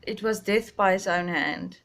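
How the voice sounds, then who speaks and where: Slow, halting woman telling a sad story. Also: medium pitch, a bit bright. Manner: halting, emotional, many restarts and pauses. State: stuffy, sinus. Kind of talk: personal storytelling to camera.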